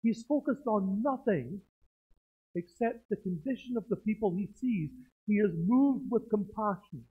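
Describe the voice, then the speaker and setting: A man, a pastor, preaching a sermon in a church through a face mask, with animated delivery and self-mocking jokes. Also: high-pitched, a little slow, husky. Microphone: speaking through a face mask. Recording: tinny phone-like sound.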